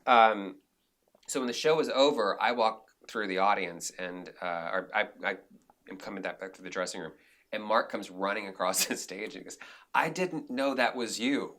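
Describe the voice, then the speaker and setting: A man talks as a podcast guest, telling stories in an animated, rambling way full of restarts. His voice sits somewhat low but comes through bright and forceful. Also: normal speed. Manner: animated storyteller, many restarts and "like"s. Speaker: guest, director and actor. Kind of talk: casual interview storytelling.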